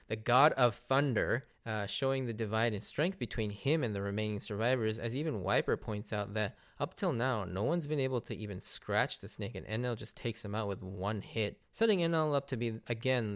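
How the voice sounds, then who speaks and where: A man hosting a podcast, recapping anime episodes in a casual, enthusiastic way and laughing often. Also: lowish voice. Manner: enthusiastic, laughs often, mimics character lines. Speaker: podcast host.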